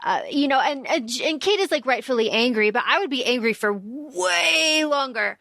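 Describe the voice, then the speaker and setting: A young woman co-hosting a podcast, chatting casually about a story, blunt and quick to swear while acting out characters' lines. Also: high-pitched, animated, vocal fry, a bit bright. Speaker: podcast co-host. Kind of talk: casual fan discussion.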